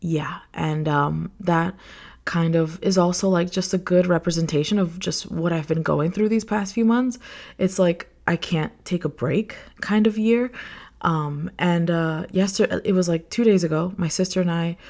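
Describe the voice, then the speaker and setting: Gravelly-voiced young woman podcaster. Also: on the low side, moderate pace, a little mellow. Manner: rambling and candid, heavy on fillers. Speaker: podcast host. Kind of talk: casual solo podcast chat.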